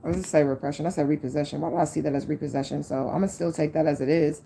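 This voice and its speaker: Slightly low-voiced woman giving a frank psychic reading. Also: steady tone, racing, gravelly, noisy background. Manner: frank and profane, with many likes and okays; earnest, speaks straight to the audience. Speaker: psychic tarot reader. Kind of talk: casual spiritual reading to viewers.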